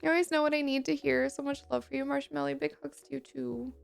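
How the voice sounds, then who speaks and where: A woman streaming live, chatting with her viewers, reading their messages aloud and reassuring them gently and warmly. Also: sits high, steady tone, fast talker, vocal fry, faint music behind. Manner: gentle, reassuring and affectionate toward chat.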